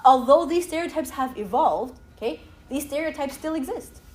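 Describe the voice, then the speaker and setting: Woman, 30s, high voice, animated, says "okay?" a lot, church talk, echoey hall, faint background noise. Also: moderate pace. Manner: animated, often ends lines with "okay?". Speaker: speaker at a church youth talk. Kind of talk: lively talk with slides.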